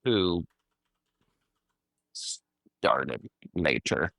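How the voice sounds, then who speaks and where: A man with a bright, forceful voice co-hosts a casual podcast, gushing about the things he loves. He sounds close and dry, with no room echo. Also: sits low, animated, very slow, vocal fry. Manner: enthusiastic, gushing. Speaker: podcast co-host. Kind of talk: casual chat.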